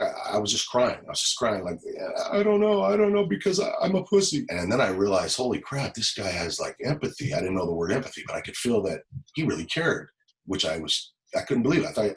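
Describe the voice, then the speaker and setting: A man in his forties, a former police officer, telling a personal story as a podcast guest, halting and emotional, often repeating words. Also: fairly low pitch, lively intonation, poor audio. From Los Angeles. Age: 40s.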